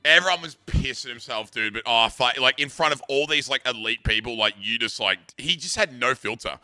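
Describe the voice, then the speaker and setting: A man's voice: medium pitch, fairly quick, sharp tone, soft background music. A young Australian man casually telling a rambling, sweary school story, full of bro and dude. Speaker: streamer.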